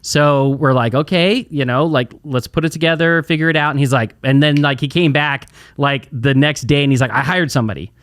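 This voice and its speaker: A man's voice: on the high side, a little fast, few pauses, a bit bright, no room sound, studio quality. A man co-hosting a casual business podcast, talking conversationally and thinking aloud with fillers. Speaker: podcast co-host.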